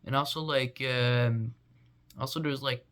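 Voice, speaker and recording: A man's voice: medium pitch, fairly even intonation, unhurried, fairly bright tone. A young man vlogging in a rambling, goofy casual monologue full of fillers.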